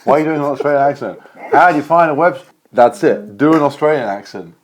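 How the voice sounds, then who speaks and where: A man's voice: a little high, lively intonation, fast talker, slight background noise. A man hosting a casual vlog, chatting playfully while taste-testing food. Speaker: vlogger host.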